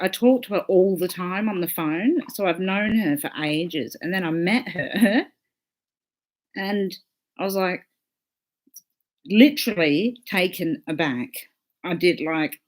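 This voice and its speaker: A woman hosts a relaxed livestream from home and chats easily with her viewers. She talks slowly in a fairly low voice. She swears freely and laughs often. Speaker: livestream host. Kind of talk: casual livestream chat.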